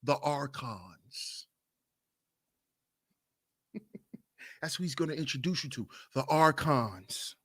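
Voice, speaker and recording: A man hosting a livestreamed podcast, talking in an animated, mocking way and often asking "you see?". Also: on the high side, slow pace, long pauses, husky. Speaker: podcast host. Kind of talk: livestream commentary.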